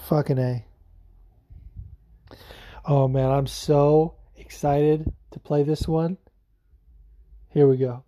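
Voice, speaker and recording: Mellow-voiced excitable podcast host man. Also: on the high side, slow pace. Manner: excitable, swears freely, rambling. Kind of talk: casual chat.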